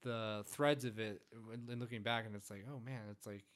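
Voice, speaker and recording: A man chatting casually about a film, relaxed and agreeable, thinking aloud as he goes. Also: lowish voice, normal speed.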